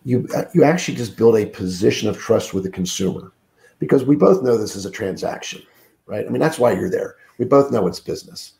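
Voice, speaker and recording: A middle-aged man with a heavily gravelly, dark voice talks as a sales trainer on a podcast. He sounds groggy and under the weather, leaning hard on his points and repeating words, with plenty of fillers. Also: on the low side, expressive, a little fast. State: groggy, sick voice. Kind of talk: podcast interview, coaching talk. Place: room alone, remote call.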